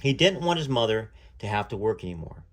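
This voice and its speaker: A man reading a first-person story aloud in a measured way, now and then pausing to add his own asides. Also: on the low side, sing-song.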